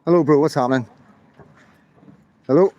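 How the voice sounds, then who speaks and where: A man's voice: on the high side, moderate pace, warm tone, lo-fi sound. A man in his fifties, livestreaming while walking a city street at night, talking in an impassioned, rambling way with swearing and many fillers. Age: 50s. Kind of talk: live street vlog. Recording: outdoor street crowd noise.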